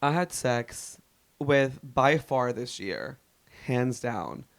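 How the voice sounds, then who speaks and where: A man co-hosting a podcast, telling stories and shouting out listeners in gossipy, animated casual chat. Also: mid-range voice, extremely slow, creaky, no echo. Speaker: podcast co-host.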